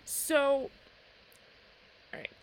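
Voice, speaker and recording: A woman's voice: extremely slow, crowd noise, poor audio. A woman co-hosting a podcast, recapping a reality show in casual chat and acting out the quotes. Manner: animated storytelling, acts out quotes.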